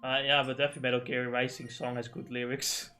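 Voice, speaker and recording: Bright-voiced man rambling on stream. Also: mid-range voice, level tone, brisk, faint music behind. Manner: rambling, swears a lot, stumbles over names. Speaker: livestreamer. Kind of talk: casual gaming stream chat.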